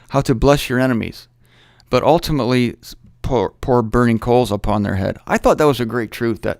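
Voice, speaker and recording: A middle-aged man teaches the Bible in a loose, conversational way, joking as he goes and pausing to correct himself. His voice sits at an ordinary pitch for a man. The recording is dry, with no room sound. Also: vocal fry, a little mellow, no room sound.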